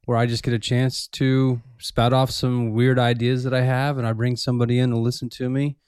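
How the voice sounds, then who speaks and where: A man's voice: medium pitch, flat delivery, fairly quick, a little mellow, smooth, no echo, studio quality. A man hosting a radio show in casual chat, joking and rambling, breaking off his own sentences. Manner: joking, rambling, self-interrupting.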